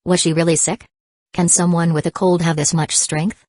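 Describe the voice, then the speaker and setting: A woman narrating an audiobook in an even, measured reading. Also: on the low side, no room sound. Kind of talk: scripted narration.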